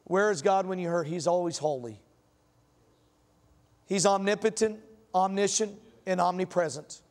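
A man's voice: high voice, moderate pace. A man preaching a sermon in a church, telling folksy stories and asking the congregation questions. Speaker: pastor. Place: church sanctuary. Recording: long hall reverb.

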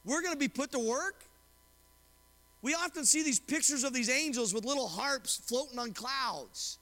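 A man's voice: very high voice, lively intonation, moderate pace, pushed and bright, long reverb tail. A male pastor preaching a sermon, reading scripture and retelling a story, often asking the congregation questions. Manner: asks the congregation questions and retells stories with quoted voices. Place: church sanctuary.

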